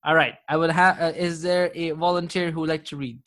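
A man's voice: a little high, steady tone, fairly quick, fairly bright tone. A man teaching an Arabic grammar class live online, patient and encouraging, often chuckling.

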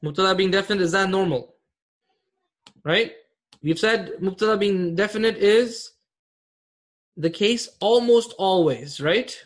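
Man, high voice, grammar teacher, online class lecture, patient, repeats key terms. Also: a little slow, long pauses.

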